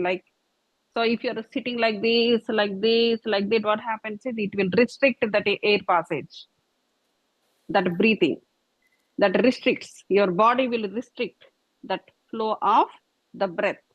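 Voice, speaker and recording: A woman's voice: medium pitch, no room sound. Woman teaching a yoga class, dull recording. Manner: patient, repetitive, demonstrating with gestures. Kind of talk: live yoga and meditation class instruction.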